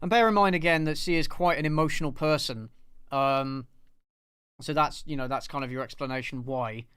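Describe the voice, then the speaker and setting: A man's voice: on the high side, normal speed, a bit bright, clean tone, dry recording, studio quality. A man who reviews films, commenting casually and exasperatedly over a clip and swearing freely as he rants. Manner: exasperated, swears freely, repeats himself while ranting. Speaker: film reviewer and host.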